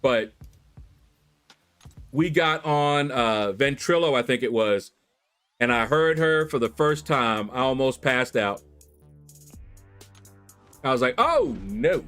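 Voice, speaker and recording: Animated male streamer, chatty and laughing. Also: mid-range voice, slow, long pauses, smooth. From Kentucky. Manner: animated storyteller, laughs, squeals in mock voices. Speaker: livestream host. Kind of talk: casual chat with viewers. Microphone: desk USB microphone. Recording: faint background music.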